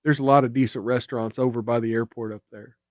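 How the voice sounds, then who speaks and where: A man's voice: medium pitch, steady tone, quick pace, no echo, studio quality. A man streaming political commentary, sarcastic and emphatic, with indignant rhetorical jabs.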